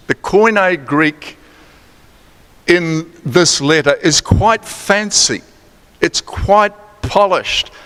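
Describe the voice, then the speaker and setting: A man's voice: a little high, fairly bright tone. A man with a New Zealand accent preaching a sermon in a chatty, playful way, quizzing the congregation and adding teasing asides. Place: church sanctuary. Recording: long church hall reverb.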